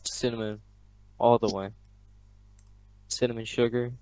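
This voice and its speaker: Soft-spoken American man, murmured asides. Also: medium pitch, flat delivery, measured pace, a little hiss or hum. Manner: brief murmured reactions. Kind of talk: casual podcast chat.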